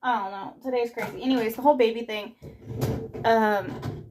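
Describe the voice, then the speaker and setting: A woman's voice: fairly high pitch, steady tone, moderate pace, background noise. Breathless woman vlogging while doing dishes. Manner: rambling, self-interrupting, scatterbrained. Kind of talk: casual chat while doing chores. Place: home kitchen, indoors.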